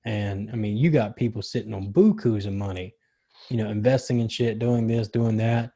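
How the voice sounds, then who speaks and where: A young man in casual chat, telling stories in a rambling, excited way with slang and swearing. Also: on the low side, moderate pace, husky. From Charlotte, North Carolina area.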